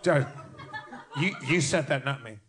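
A man's voice: mid-range voice, unhurried, noisy background. A man telling rambling, profane stories in live comedy podcast banter, often stammering at the start of a line. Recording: live audience audible.

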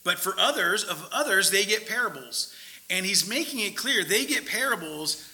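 Bright-voiced, high-pitched male preacher. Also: lively intonation, normal speed, low-quality recording. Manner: conversational, checks in with the listeners. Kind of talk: conversational sermon.

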